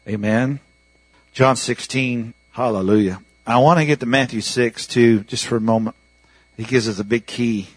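A man's voice: medium pitch, breathy edge, dry recording, rough recording. Conversational preacher man, dry close sound. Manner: conversational, repeatedly asking the congregation "Amen?". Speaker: pastor. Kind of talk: sermon.

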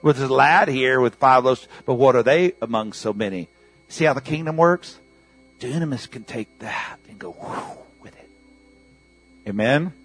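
Husky-voiced man preaching a sermon. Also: medium pitch, animated, normal speed, soft background music. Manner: call-and-response preaching, swinging from loud bursts to hushed asides. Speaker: pastor. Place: church.

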